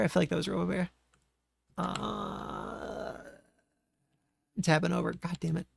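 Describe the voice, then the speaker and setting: A man's voice: high-pitched, flat delivery, moderate pace, vocal fry, long pauses, sharp tone, no room sound. A man streaming a racing game, muttering to himself and swearing often as he chats. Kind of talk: casual gameplay commentary.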